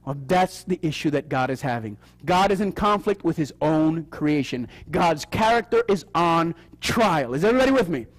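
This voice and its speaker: A man preaching a Bible prophecy sermon, animated, often asking the audience questions and acting out quoted voices. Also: on the high side, normal speed, few pauses. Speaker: seminar preacher.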